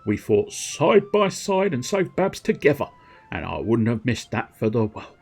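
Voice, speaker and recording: A man's voice: medium pitch, big pitch swings, measured pace, creaky, darkish tone, slightly rough, soft background music, heavily acted. A man doing a fond spoken game miner. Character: sentimental male miner companion.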